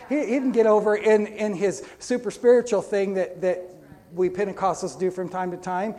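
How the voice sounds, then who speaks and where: A man preaches to his congregation in a high, lifted voice. He is energetic and keeps doubling back on his words as he goes. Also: brisk. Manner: energetic Pentecostal preaching with many restarts. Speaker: pastor. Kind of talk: sermon.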